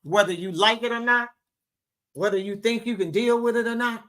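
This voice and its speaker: A woman's voice: fairly high pitch, fairly bright tone. A woman hosting a live talk show, affectionate and emphatic, calling her listeners baby and honey as she reads chat comments. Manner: emphatic, drawn-out delivery. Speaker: host.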